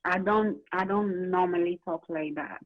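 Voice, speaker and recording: A woman's voice: lowish voice, moderate pace. A woman calling into a radio show, speaking hesitantly and apologetically. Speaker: caller. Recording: muffled phone line.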